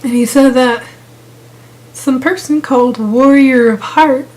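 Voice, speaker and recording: A woman's voice: sits high, measured pace, a little mellow, rough recording. A young woman vlogging casually about online gaming drama, sarcastic and exasperated, rambling with restarts. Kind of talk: casual ranting vlog.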